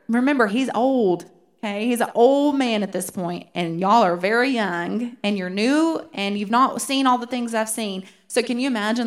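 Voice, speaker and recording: A woman teaching a Bible study, rereading verses slowly and earnestly. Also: a little high.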